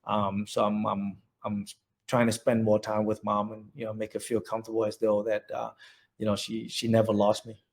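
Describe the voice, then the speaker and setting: A man in his forties from central Vietnam with a Vietnamese accent, telling his story in an oral history interview, halting and restarting often. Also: fairly low pitch, monotone. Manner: halting, many restarts and repeated words.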